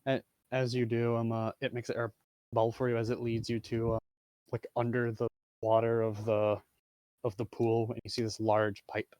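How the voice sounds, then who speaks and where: Game master, man, halting delivery with fillers, dry recording. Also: mid-range voice, completely flat delivery, a little mellow, no echo. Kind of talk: narrating a tabletop game.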